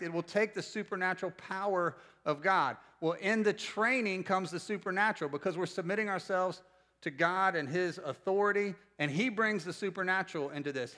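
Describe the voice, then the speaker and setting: A pastor preaching a sermon to a church congregation, animated and joking, with sudden loud bursts. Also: male voice, high voice. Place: church service before a congregation.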